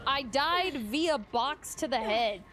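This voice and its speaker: High, lively woman streamer. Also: slow, a little hiss or hum. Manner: dramatic, swears freely, playful self-pity. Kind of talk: live gaming stream commentary.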